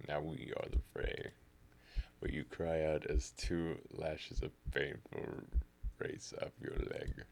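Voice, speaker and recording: Very deep, creaky-voiced male streamer. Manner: narrates game text in second person, with reactions. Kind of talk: reading a text game aloud live.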